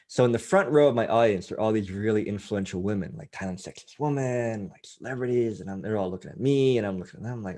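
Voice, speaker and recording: A man's voice: on the low side, fast, few pauses, dark tone. A man, a life coach, telling a self-mocking anecdote in a chatty style, full of fillers and asides. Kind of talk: casual anecdote storytelling.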